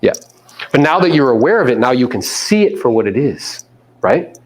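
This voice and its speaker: A man coaching a live audience in a meeting room, animated and casual, sometimes coarse, often acting out other people's voices. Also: mid-range voice, moderate pace. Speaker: real estate coach. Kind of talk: live seminar talk to an audience.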